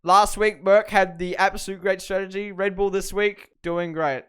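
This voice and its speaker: Excitable young man with a smooth voice. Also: high voice, normal speed. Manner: excitable, swears often, bursts into shouting at the broadcast. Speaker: host reviewing races. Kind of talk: live watch-along reaction and review.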